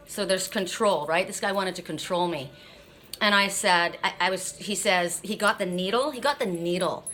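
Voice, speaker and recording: A woman's voice: on the low side, normal speed, fairly bright tone. A middle-aged woman in a casual vlog, blunt and swearing as she vents with a numb mouth after dental surgery. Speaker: oracle card reader.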